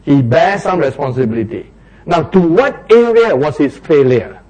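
Man preaching, husky warm voice. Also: on the high side, moderate pace, rough recording. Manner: animated, acts out quarrels in raised voices. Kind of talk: sermon.

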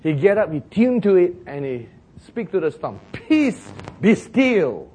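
Husky-voiced man preaching with animated storytelling. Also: moderate pace. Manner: animated storytelling, acting out quoted voices with big pitch jumps; chuckles at his own jokes. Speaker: pastor. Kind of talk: sermon.

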